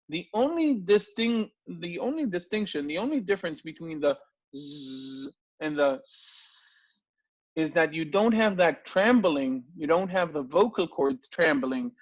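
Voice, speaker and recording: A man teaches an online class over a video call and keeps asking "okay?" as he explains. He talks slowly, and his voice sits a little high. The call audio sounds dull and lo-fi. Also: fairly bright tone. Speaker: language teacher.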